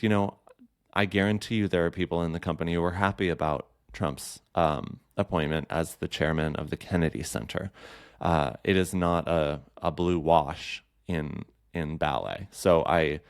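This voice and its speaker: Chatty low-voiced man hosting a podcast. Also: clear, resonant tone, no room sound, clean studio sound. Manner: chatty, campy, lots of fillers and asides. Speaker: podcast host. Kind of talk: casual solo chat.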